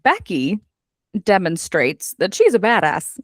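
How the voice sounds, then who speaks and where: A woman's voice: fairly low pitch, measured pace, no room sound, clean studio sound. A woman hosting a book club podcast, chatting casually and acting out characters' lines with frequent swearing. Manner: animated, swears freely, acts out characters' lines. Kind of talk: casual chat recapping a book.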